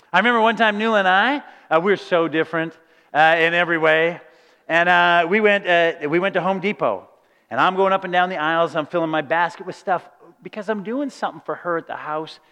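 Male pastor, high voice, animated sermon delivery, long hall reverb. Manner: animated, acts out quoted voices, asks "right?" often.

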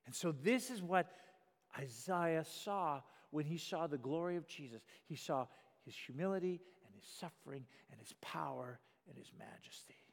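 A man with a slightly high voice preaches a sermon earnestly, the sound trailing off in a long reverb tail. He often repeats a word as he begins a sentence and raises his volume for emphasis.

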